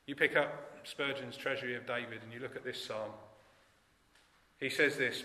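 A man preaching a sermon in an earnest, emphatic way, letting his phrases fall away softly at the ends. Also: mid-range voice, steady tone, normal speed. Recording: echoey church hall with long reverb.

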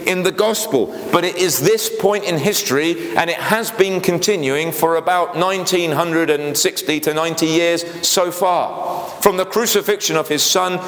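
A man's voice: fairly high pitch, moderate pace, few pauses, fairly bright tone. A man preaching a sermon, earnest and emphatic, often breaking off into small asides and starting over. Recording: echoey hall with long reverb.

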